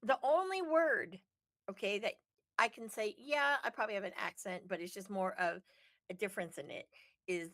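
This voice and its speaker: Bright-voiced woman podcast co-host. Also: mid-range voice, normal speed, dry recording, studio quality. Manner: chatty, swears casually, emphatic. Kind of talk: casual wrestling podcast chat.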